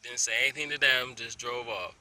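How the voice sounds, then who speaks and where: A man telling a story to a phone camera in a park, animated and dropping into whispered asides. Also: mid-range voice, fairly quick, rough recording. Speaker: vlogger. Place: outdoors in a park under a tree. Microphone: phone held at arm's length.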